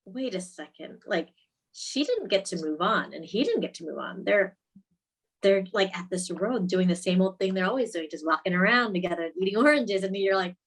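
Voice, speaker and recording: Lively laughing woman telling a story. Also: medium pitch, normal speed, poor audio. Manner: animated storytelling, acts out quoted lines, laughs often. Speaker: film director guest. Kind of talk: casual interview chat.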